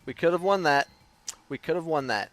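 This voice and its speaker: A man's voice: on the high side, lively intonation, brisk, a bit bright. A man giving live video game commentary, talking back to the game with pleading and groaning. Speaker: gaming streamer.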